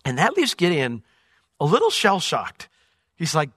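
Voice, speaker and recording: Male pastor, high bright voice, lively verse-by-verse teaching, dry close sound. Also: measured pace, dry recording. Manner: animated, swings between loud emphasis and quiet asides.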